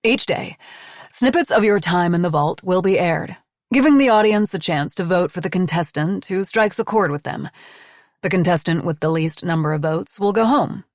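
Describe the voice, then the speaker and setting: A woman's voice: on the low side, normal speed, no echo, studio quality, natural voice. A woman voicing a poised female hostess of a mansion, dramatic and eager to please. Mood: instructive.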